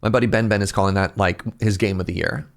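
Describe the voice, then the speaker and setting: A man's voice: lowish voice, fairly even intonation, fast talker, creaky. A male streamer chatting casually as he reacts to game trailers, laughing often and thinking aloud.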